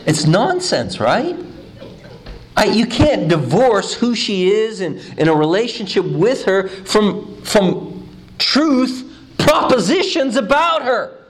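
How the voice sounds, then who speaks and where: A man, a pastor, preaching a sermon, swinging between quiet low stretches and emphatic high ones, often repeating his first words. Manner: repeats words when starting phrases.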